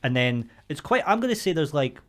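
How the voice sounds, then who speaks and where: A man's voice: a little high, fairly quick. A Scottish man co-hosting a podcast, telling a story in casual chat and often laughing through it. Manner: lively storyteller, laughs through his own tales. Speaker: podcast co-host.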